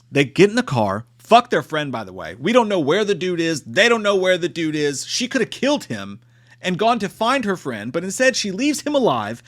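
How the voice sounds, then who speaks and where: A man's voice: high voice, huge pitch swings, brisk, a bit bright. A man giving a casual, profane and exclamatory movie review.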